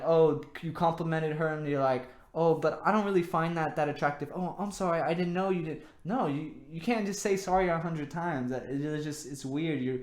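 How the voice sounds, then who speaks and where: Earnest young man giving advice, roomy echo. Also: a little high. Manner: earnest, repetitive, filler-heavy advice with "you know". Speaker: host. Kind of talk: casual advice monologue.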